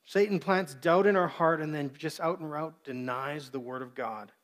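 Man, pastor, sermon, earnest, slightly high-pitched. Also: moderate pace, a bit bright. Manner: earnest, acts out quoted voices.

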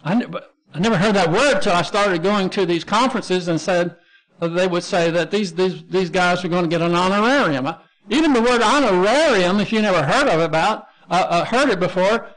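Speaking a little fast in a high, somewhat bright voice, a Texan pastor teaches from the Bible. He breaks Greek words down step by step, spells them letter by letter, and restarts frequently.

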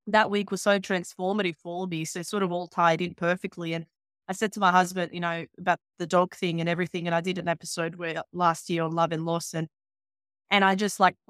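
A woman hosting an interview podcast in casual chat, candid and animated, swearing freely and acting out conversations. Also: on the low side, no room sound, clean studio sound. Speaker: podcast host.

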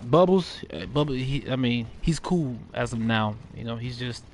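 A man's voice: mid-range voice, moderate pace, a little mellow, slight background noise. A man doing live gameplay commentary, trash-talking and cursing at enemies while he plays. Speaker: gaming streamer.

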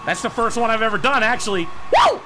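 A man hosting a gaming channel, chatting casually with friends while playing, excitable and prone to shouting and laughing. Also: high-pitched, quick pace, background noise.

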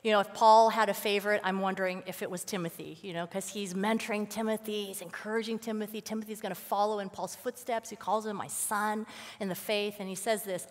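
A woman giving a lively, conversational sermon as a guest speaker, telling stories with casual fillers. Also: medium pitch, brisk, in a large hall. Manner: animated, casual storytelling with fillers. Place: church sanctuary.

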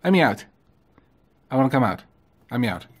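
A man's voice: mid-range voice, big pitch swings, a little fast, husky, voice pushed down. A man voicing his bratty, sleepy female pet ferret, in a whiny and pleading tone. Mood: demanding.

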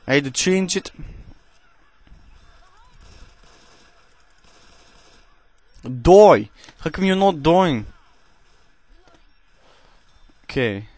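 A man doing gameplay commentary in a cheesy put-on Russian accent, speaking halting, broken English into a headset. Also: a little high, lively intonation, a little mellow, no echo. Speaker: gaming commentator.

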